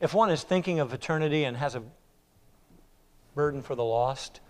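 A man preaching a sermon in a church, firing rhetorical questions and swinging between loud urging and hushed, quiet passages. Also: a little high, moderate pace. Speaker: pastor. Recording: reverberant hall.

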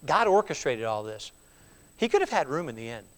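A man preaching a sermon, moving between loud emphatic calls and hushed near-whispers, acting out voices and repeating key words in a steady rhythm. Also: medium pitch, fairly quick, long reverb tail. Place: church.

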